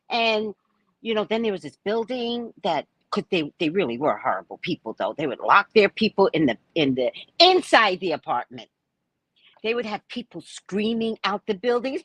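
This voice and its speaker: A woman hosting a casual livestream, talking in an animated, theatrical way and acting out the people she quotes. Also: mid-range voice, a little slow, no echo. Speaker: psychic livestream host.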